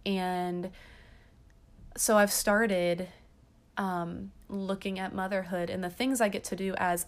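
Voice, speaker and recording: A woman's voice: medium pitch, little pitch movement, takes it slowly. A woman in her thirties hosting a casual podcast, talking chattily with lots of ums and restarts. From half Irish. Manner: chatty, rambling, frequent ums. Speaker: podcast host. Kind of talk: casual chat.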